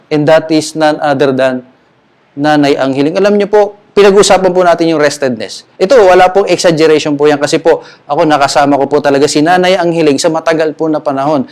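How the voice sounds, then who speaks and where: Filipino man, middle-aged pastor, a bit higher voice, emphatic grieving sermon, mixes English with Tagalog. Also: fast talker, a little mellow. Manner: switches between English and Tagalog, earnest and emphatic. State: grieving, emotional. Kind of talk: sermon at a memorial.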